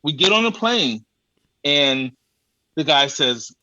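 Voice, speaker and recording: A fairly high-pitched man speaks slowly on a muffled recording with no echo. Guesting on a podcast, he tells a comic travel anecdote in loose, colloquial chat, swearing casually and animatedly acting out exasperated exchanges with the people he dealt with.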